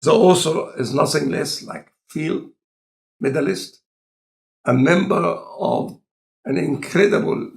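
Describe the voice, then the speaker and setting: Egyptian-accented man, gravelly. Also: on the high side. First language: Arabic. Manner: deliberate, halting phrasing with non-native grammar. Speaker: scientist in conversation. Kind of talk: relaxed conversational lecture.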